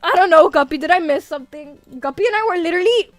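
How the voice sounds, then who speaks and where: Very high-voiced woman ranting on stream. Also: fast, no echo, faint music behind. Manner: animated ranting with frequent swearing; laughs often. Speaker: VTuber streamer. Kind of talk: casual livestream chat.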